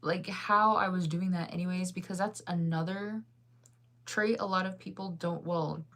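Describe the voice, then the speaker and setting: Young woman, lowish voice, casual vlog chatter, crisp enunciation, frequent laughs. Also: steady tone, moderate pace, a bit bright. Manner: enunciates words fully and crisply; rambling, chatty, laughs often. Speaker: vlogger. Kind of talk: casual chat to viewers.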